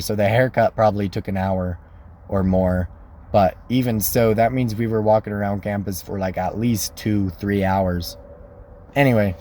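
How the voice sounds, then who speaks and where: A man's voice: on the low side, darkish tone, a little hiss or hum. Rambling young man telling a story. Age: young adult. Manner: chatty, full of "like" and self-corrections, laughs easily. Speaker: college student telling dating stories.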